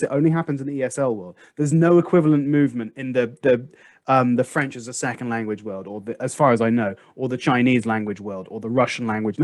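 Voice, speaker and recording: A man hosting a casual podcast discussion, making his points emphatically and acting out past conversations with lively storytelling. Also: mid-range voice, no room sound. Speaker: podcast host.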